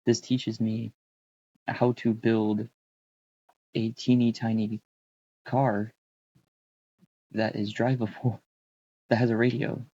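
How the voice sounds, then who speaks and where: A man thinking aloud in a casual, wry, halting way while he codes, speaking close to a desk mic. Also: fairly low pitch, flat delivery, warm tone, husky, muffled recording. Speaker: streamer coding on screen.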